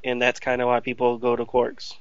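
A man's voice: medium pitch, monotone, fairly quick, smooth, dry recording, muffled recording. A man co-hosting a podcast, chatting casually in a hesitant, rambling way. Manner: hesitant, rambling, self-deprecating. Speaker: podcast co-host. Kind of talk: casual chat.

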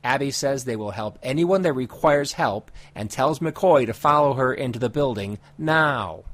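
A man co-hosting a podcast, reading a steady story recap and then chatting with a few fillers. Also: mid-range voice, moderate pace. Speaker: podcast co-host summarizing comics. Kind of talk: recap narration and casual chat.

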